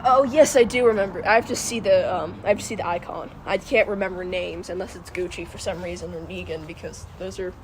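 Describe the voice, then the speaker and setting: A woman's voice: lowish voice, fairly quick, hardly any pauses. A woman hosting a casual livestream, chatting to viewers in a giggly, rambling way. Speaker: livestream host. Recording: noisy livestream audio with outdoor noise. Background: wind and passing cars.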